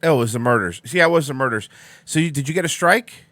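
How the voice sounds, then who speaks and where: A young male host of a live-streamed morning show talks fast in a medium-pitched, fairly bright voice with lively intonation and no echo. He rambles with sarcasm, yawns sleepily, and drops swear words answering the chat.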